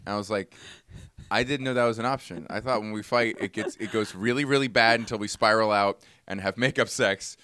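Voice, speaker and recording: This man has a fairly low voice and chats casually as a podcast co-host. He tells a long rambling story and acts out both sides of it. The sound is dry and close, with no room around it. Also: fairly quick, bright, forceful tone, no room sound. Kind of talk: casual chat.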